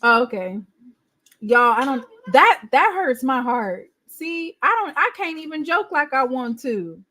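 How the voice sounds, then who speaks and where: A woman hosting a casual live podcast, animated and joking with her viewers. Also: sits high, measured pace. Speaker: podcast host. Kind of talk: casual livestream chat.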